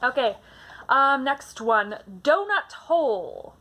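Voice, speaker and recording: A young woman from Canada chatting casually about her favourite books, animated and full of fillers. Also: sits high, slow. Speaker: book vlogger. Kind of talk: casual book tag chat.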